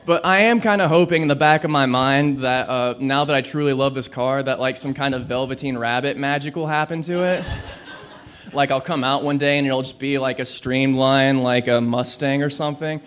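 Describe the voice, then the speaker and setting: A man's voice: mid-range voice, fairly even intonation, moderate pace, fairly bright tone, a little hiss or hum. A young man doing a rambling, self-deprecating stand-up set at an open mic, on a handheld mic in a small club. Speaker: stand-up comic.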